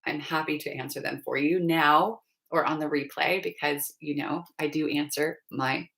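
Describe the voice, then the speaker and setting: A woman coaching on a casual live stream, chatty and meandering, with frequent soft laughs and lots of "you know.". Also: low voice, fairly even intonation, moderate pace. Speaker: fertility and pregnancy coach.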